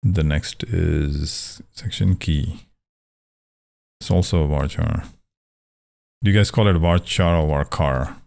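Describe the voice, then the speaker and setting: A programming tutor with a very low, gravelly, mellow voice thinks aloud during a casual screen-share coding walkthrough. He talks slowly with long pauses, conversational and self-correcting, and wryly jokes about pronunciation.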